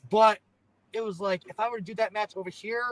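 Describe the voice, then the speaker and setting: High-voiced wrestler, rambling chat. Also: male voice, steady tone, fast, fairly bright tone, rough recording. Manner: rambling, says "you know what I'm saying" often. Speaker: pro wrestler, interview guest. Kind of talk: casual interview chat.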